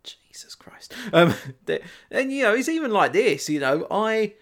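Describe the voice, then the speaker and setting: A man hosting a podcast in casual chat. He tells stories in a lively way and swears casually. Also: sits high, normal speed. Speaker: podcast host.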